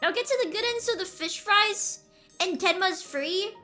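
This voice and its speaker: A young woman streaming a game, chatting in a bubbly, excitable way and squealing when delighted. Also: very high voice, moderate pace, faint music behind. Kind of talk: casual game stream commentary.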